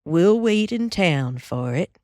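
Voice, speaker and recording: A woman voicing a grave, soft-spoken Southern cowboy in an audiobook, polite and slow in a Southern drawl. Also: lowish voice, animated, no echo, clean studio sound. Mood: grave, civil. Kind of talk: audiobook character voice.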